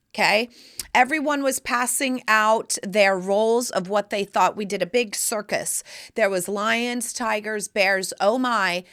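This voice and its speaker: A woman's voice: medium pitch, a little slow, a bit bright. A woman in her forties hosting her own podcast, talking in a sassy, theatrical way and calling the listener "honey". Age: 40s. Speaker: podcast host. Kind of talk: casual solo podcast monologue.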